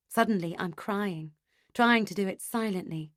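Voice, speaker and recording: A woman reading a first-person audiobook in an expressive, emotionally engaged way. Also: mid-range voice, moderate pace, no echo, studio quality. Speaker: audiobook narrator.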